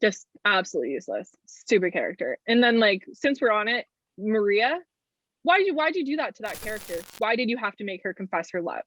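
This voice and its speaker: A young woman hosting a casual movie review chat, animated and sarcastic. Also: medium pitch, fast talker, no room sound. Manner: animated, sarcastic, acts out characters' lines. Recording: dull lo-fi recording.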